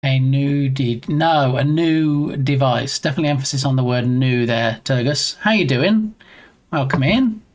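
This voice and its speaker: A game-dev streamer talks through a stubborn device connection, half to themself and half to chat. The voice sits at an ordinary middle pitch. They read menu text aloud in a flat murmur, then brighten to welcome someone who has just arrived. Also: moderate pace. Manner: muses to self, reads screen text aloud, chats with viewers. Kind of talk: live-stream thinking aloud while troubleshooting. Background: headphones on.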